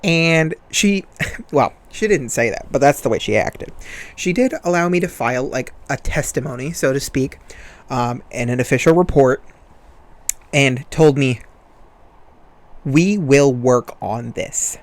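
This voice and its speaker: Young male podcast host, storytelling, emphatic and heated, middle pitch. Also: moderate pace. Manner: emphatic, heated when retelling. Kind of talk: personal storytelling.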